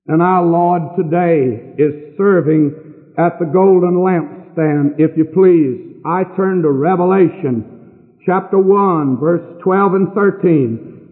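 An older man preaching a sermon from a church pulpit with earnest, emphatic pauses. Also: a little high. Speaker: pastor. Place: church sanctuary. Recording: distant hall on a tinny lo-fi recording.

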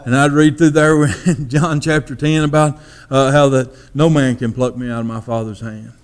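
A man giving his testimony as a sermon, in a folksy storytelling manner that drops to a hush for quoted thoughts. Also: mid-range voice, clean tone.

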